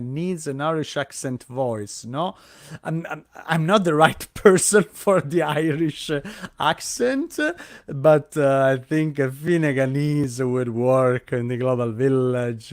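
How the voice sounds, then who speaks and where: A man's voice: mid-range voice, a little mellow, no echo, studio quality. A man hosting a live online event over a video call, speaking English as a with frequent fillers and restarts. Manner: hesitant, many fillers and restarts. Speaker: host.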